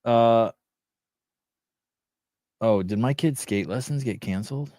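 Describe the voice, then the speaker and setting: A man's voice: medium pitch, takes it slowly, dark tone, no echo, studio quality. A middle-aged man hosting a podcast, telling a rambling, profane story and reading chat comments aloud. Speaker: podcast host.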